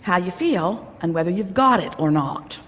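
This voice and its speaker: A woman with a voice on the low side gives an emphatic, teacherly motivational talk to a live audience, referring to herself as "we." Her intonation is lively and her pace moderate, and long hall reverb from the live event fills the recording.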